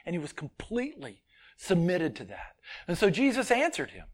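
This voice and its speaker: A man preaching a sermon, earnest and emphatic, swinging between loud stressed points and quiet asides. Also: high voice, wildly swooping pitch, normal speed, slightly rough.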